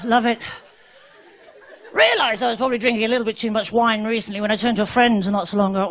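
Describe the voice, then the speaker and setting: A woman in her forties with an English accent performs stand-up into a stage microphone, her voice pitched high and her delivery chatty and wry. She talks straight to the room. Loud crowd laughter and noise fill the live club recording. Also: fast talker. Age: 40s. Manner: chatty, wry, addresses the audience directly. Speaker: stand-up comedian. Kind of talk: stand-up comedy routine. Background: loud audience laughter and crowd noise.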